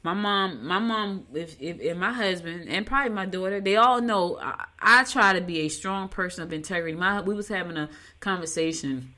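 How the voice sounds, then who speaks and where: Bright-voiced woman host. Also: fairly low pitch, moderate pace. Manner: folksy, animated storytelling with Southern US speech. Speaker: podcast host. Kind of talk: casual chat.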